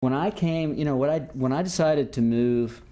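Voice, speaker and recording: A man's voice: medium pitch, moderate pace, a crowd in the background. A man from the States, a former musician telling loose, rambling stories as an interview guest. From Southern United States. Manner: rambling, loose, lots of "you know" and "like". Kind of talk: casual storytelling.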